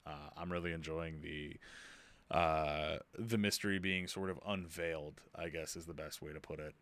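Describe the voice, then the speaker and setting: A man's voice: very deep voice, fairly even intonation, normal speed, a bit bright. A young man streaming a game, chatting casually and rambling while he plays. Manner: rambling, chatty, self-interrupting. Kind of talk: casual live-stream chat.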